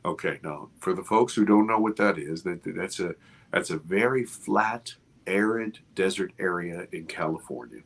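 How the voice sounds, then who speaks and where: A man over fifty, an interview guest, telling a story with expressive, restarting speech. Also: sits low, normal speed, gravelly. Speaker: interview guest, film producer. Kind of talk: animated storytelling in a casual interview.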